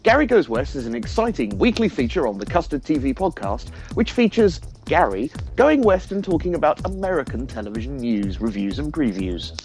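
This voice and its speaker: A man putting on a formal, measured newsreader voice. Its delivery rises and falls with lively pitch, and faint music plays underneath. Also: natural voice. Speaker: podcast co-host. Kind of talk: mock TV newsreader announcement.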